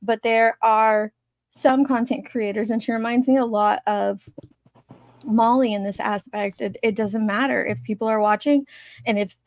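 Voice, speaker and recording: A woman's voice: a little high, steady tone, normal speed, no echo. A woman hosting a live stream discussion, thinking aloud in a rambling, casual way over a video call. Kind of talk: casual chat.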